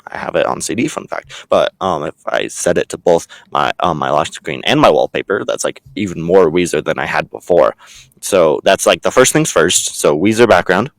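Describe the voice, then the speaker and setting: A man's voice: deep voice, expressive, moderate pace, creaky, poor audio. A young man in a comedic vlog sketch who rambles and hesitates, filling his talk with ums. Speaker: vlogger.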